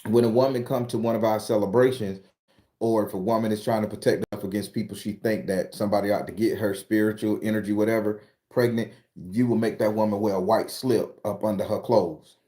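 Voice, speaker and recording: A man from Florida, hosting a casual live chat and telling stories in a profane, animated way. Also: fairly low pitch, a little fast. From southern Florida. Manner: profane, animated storyteller reading out viewer comments. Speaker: host.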